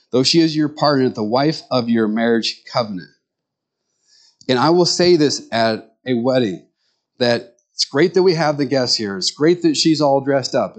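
Middle-aged male pastor, easygoing sermon delivery, lively storytelling voice. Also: mid-range voice. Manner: conversational, animated storytelling with quoted voices.

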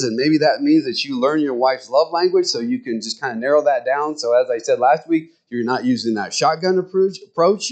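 A middle-aged man preaching a sermon in a folksy, conversational way, full of rambling asides, jumping up in pitch when he acts out what others say. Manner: jumps to high pitch when acting out others' words. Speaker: pastor.

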